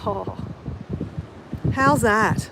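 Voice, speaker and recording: A woman's voice: medium pitch, drawn-out words, creaky. A woman with an Australian accent live-streaming a coastal walk from her phone, chatting eagerly to viewers. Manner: enthusiastic, addresses viewers constantly. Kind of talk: casual live-stream chat. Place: outdoors on a windy coastal walk. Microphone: phone held for live stream. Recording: wind-buffeted phone recording outdoors. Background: wind noise on the mic.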